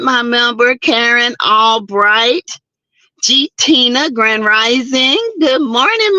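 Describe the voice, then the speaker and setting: A woman's voice: a little high, bright, forceful tone, dry recording, lo-fi sound. A woman hosting a casual morning livestream, chatting and greeting viewers by name. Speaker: livestream host. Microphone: streaming setup mic.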